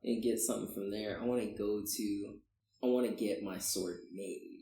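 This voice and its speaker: A man's voice: on the low side, steady tone, normal speed, mellow, far from the mic, a little hiss or hum. A young man co-hosting a podcast, telling stories in casual chat with lots of fillers, swearing and laughter. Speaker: podcast co-host. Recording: echoey room.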